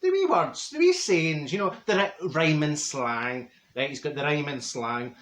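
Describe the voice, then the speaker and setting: Unhurried and lively in intonation, the man's fairly high, slightly bright voice echoes around the room. He tells comic stories to camera in a Glaswegian accent as a gossipy, straight-talking middle-aged Glasgow woman prone to mixing up big words.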